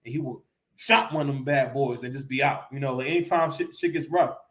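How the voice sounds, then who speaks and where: A man's voice: medium pitch, a little fast, a bit bright. A man vlogging a casual reaction to a clip, joking and rambling with lots of stammered restarts.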